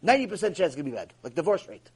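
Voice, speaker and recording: A man's voice: fairly high pitch, sing-song, rapid-fire, a little mellow, breathy edge. A man giving a mussar lecture as a Torah teacher. He is emphatic, repeats himself and asks many rhetorical questions.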